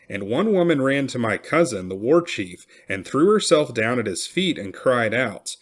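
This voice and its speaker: A man reading a historical memoir aloud, expressive and raising his voice for cried-out quotes. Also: mid-range voice, moderate pace, hardly any pauses. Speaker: reader.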